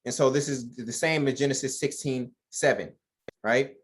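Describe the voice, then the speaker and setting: A man's voice: medium pitch, fairly even intonation, moderate pace, a little hiss or hum. A man leading an informal Bible study who reads verses aloud and comments on them in a joking, conversational way, addressing listeners as y'all.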